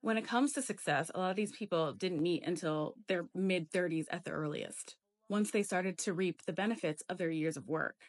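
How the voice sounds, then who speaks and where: A woman making a casual social media monologue, emphatic and energetic, often saying "literally". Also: lowish voice, normal speed.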